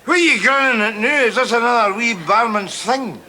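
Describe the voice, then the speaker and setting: An actor playing a belligerent middle-aged Glaswegian drinker, combative and stammering in a scripted sitcom. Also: male voice, extremely high pitch, normal speed, sharp tone, exaggerated voice. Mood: mocking. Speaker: sitcom character.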